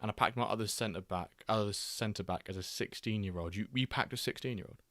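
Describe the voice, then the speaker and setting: A man's voice: on the low side, brisk, fairly bright tone, no echo. A man hosting a casual football watchalong livestream, chatting loosely, reading out viewer messages and making jokey asides. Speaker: livestream host.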